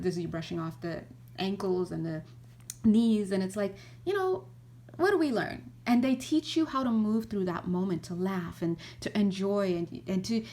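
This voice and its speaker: Animated woman teaching spiritual healing. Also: mid-range voice, moderate pace. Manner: animated, acts out little scenes, many restarts. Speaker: spiritual teacher and energy healer. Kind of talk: casual spiritual teaching monologue.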